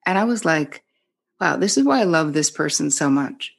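A middle-aged woman with a New Jersey accent and a low, husky voice chats candidly on a podcast. She tells stories with plenty of swearing and acts out what people said. She speaks as a psychotherapist. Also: animated, moderate pace. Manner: candid storyteller, swears freely, acts out quoted dialogue. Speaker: psychotherapist guest. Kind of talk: casual podcast conversation.

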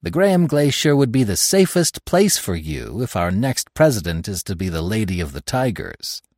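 A man's voice: fairly low pitch, big pitch swings, moderate pace, darkish tone, no echo, studio quality. A man voicing a male professor who talks to a colleague in a wry, bantering way.

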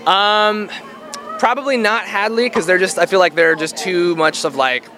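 A young man with a bright, slightly high voice talks easily and at length, filling pauses with ums. He is a voice actor giving an interview outdoors at an event. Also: a little hiss or hum. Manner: relaxed, rambling with many fillers. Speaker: voice actor guest. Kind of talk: casual interview.

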